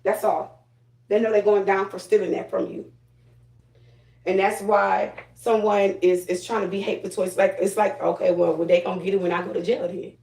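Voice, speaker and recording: A woman's voice: mid-range voice, little pitch movement, fairly quick, vocal fry, darkish tone, roomy sound, low-quality recording. A woman chatting casually and bluntly while getting ready, giving spiritual readings, repeating her phrases for emphasis. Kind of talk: casual get-ready-with-me chat.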